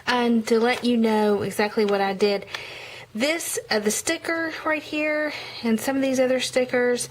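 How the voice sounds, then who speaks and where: A woman's voice: a little high, a little slow, slight background noise, rough recording. A woman talking casually in a vlog, walking through her prayer journal, chatty with frequent ums and self-corrections. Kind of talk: casual show-and-tell vlog.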